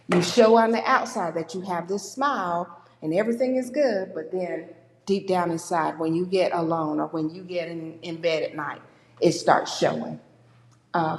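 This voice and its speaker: A woman giving a conversational church talk on grief, acting out the people she quotes. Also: medium pitch. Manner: warm conversational, acts out quoted people with lively voices. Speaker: speaker at a church. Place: church sanctuary. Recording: echoey church hall with long reverb.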